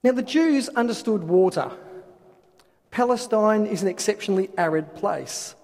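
A man's voice: sits high, animated, moderate pace, darkish tone. A man preaching a sermon, asking rhetorical questions and reading scripture aloud. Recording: long hall reverb.

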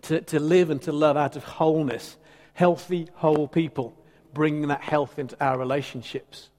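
A male preacher delivers a sermon in a conversational, teasing style with emphatic turns. His voice sits fairly high for a man. The sound carries a long reverb from a church hall. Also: steady tone, normal speed, darkish tone.

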